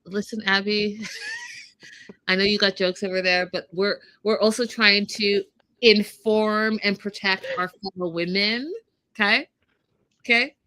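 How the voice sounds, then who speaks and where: A woman's voice: mid-range voice, steady tone, measured pace, sharp tone, no room sound. A woman co-hosting an online recap show, talking casually and with strong opinions about a reality TV episode. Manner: opinionated, acts out quotes from the episode. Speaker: podcast co-host.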